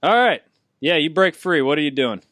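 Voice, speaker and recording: A man's voice: a little high, expressive, normal speed, a bit bright, no room sound. Man running a tabletop game, dry mic. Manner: rambling, restarts, laughing asides. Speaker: game master.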